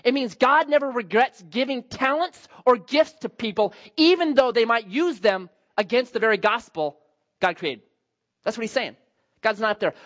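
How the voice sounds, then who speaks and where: A man in his forties preaching a sermon, telling a personal story and acting out his younger self in lively bursts. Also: normal speed, muffled recording. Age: 40s. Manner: animated, acts out his younger self with high excited outbursts. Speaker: pastor.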